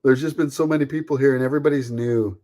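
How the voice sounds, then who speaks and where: A man's voice: mid-range voice, fairly even intonation, fast talker, dark tone. A man hosting a casual live stream from home, rambling chattily, greeting viewers by name and laughing often. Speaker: livestream host.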